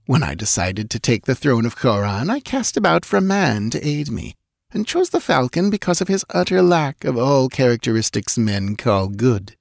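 A man's voice: medium pitch, big pitch swings, normal speed, creaky, no room sound, studio quality, pitched above the performer's own voice. A man reading an audiobook, voicing a cruel, scheming young witch woman who mocks and gives orders. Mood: gloating. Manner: cold, mocking, commanding.

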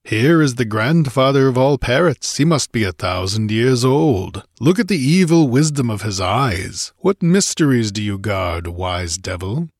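Conan, a man doing a gruff barbarian. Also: mid-range voice, big pitch swings, unhurried, hardly any pauses, no echo, studio quality, voice pushed up. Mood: awed. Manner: gruff, blunt. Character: gruff barbarian warrior, blunt and hungry.

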